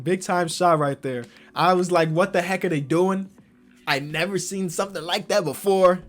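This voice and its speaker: Excitable gaming YouTuber. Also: male voice, normal speed, faint music behind. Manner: swings from low muttering to loud excited yelling; slangy, talks to himself about the game. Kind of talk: excited game commentary.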